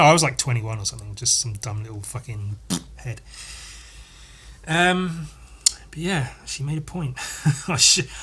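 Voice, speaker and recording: Man, podcast host, casual storytelling, forceful husky voice, lots of swearing. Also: medium pitch. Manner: rambling, swears often, laughs at himself.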